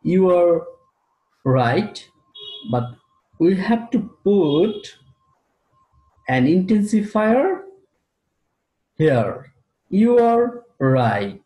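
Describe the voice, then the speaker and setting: Guy teaching grammar real slow, mellow voice, echoey room. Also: high-pitched, very animated. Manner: slow and deliberate, repeats key terms. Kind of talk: recorded classroom lecture. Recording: roomy echo.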